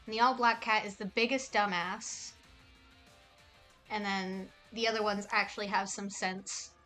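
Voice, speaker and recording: A woman's voice: medium pitch, fairly even intonation, unhurried, sharp tone, faint music behind. A young woman streaming casually, rambling and cooing affectionately at cats in a game. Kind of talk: casual livestream chat.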